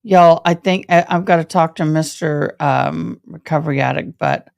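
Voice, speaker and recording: Woman live streaming from home, gravelly and slow, chatty with chat, kinda low voice. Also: a little mellow, no room sound, studio quality. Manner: chatty, talks straight to her viewers. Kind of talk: casual chat with viewers. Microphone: camera setup.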